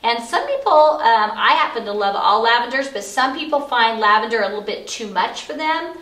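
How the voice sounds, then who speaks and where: A woman's voice: mid-range voice, fairly bright tone. A middle-aged woman teaching about essential oils in a chatty, explanatory way, with frequent fillers, recorded in an office. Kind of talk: casual instructional talk. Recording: echoey room, far from mic.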